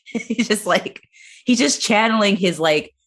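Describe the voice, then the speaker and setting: A woman's voice: medium pitch, expressive, measured pace, a bit bright. A woman on a podcast in casual chat, analyzing a film in a rambling way, full of "like" and "you know". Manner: analytical, rambling, heavy use of "like". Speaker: podcast panelist.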